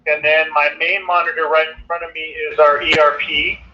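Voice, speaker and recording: Casting: man calling in, hesitant and halting, slightly higher voice, tinny line. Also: level tone. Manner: hesitant, many fillers and restarts. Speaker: client on a call. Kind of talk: casual chat.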